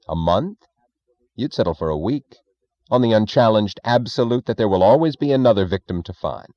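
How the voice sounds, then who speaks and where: A man reading an audiobook, voicing a calm, defiant male captive who speaks in a cool, measured, incisive way. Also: deep voice, no room sound, highs cut off, lightly acted.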